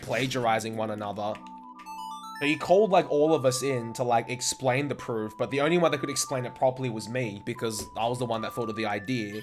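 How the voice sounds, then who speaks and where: A young man, chatting casually and swearing often while playing a game on a live stream. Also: medium pitch. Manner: swears often, rambling anecdotes with fillers.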